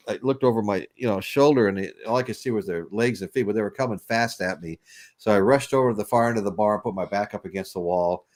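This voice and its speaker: A man hosting a podcast, telling a long story in a rambling way with restarts. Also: medium pitch. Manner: rambling, with repeated restarts and laughs. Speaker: podcast host. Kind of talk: casual storytelling chat.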